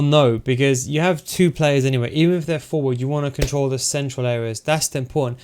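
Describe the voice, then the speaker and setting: His voice a little high and smooth but starting to go, a video game tactics coach explains tactics to his viewers step by step. It's a casual spoken tutorial, delivered directly to the audience.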